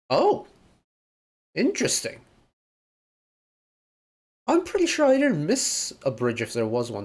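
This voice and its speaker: A man hosting a music reaction video, giving casual commentary and thinking aloud in an analytical way. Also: medium pitch.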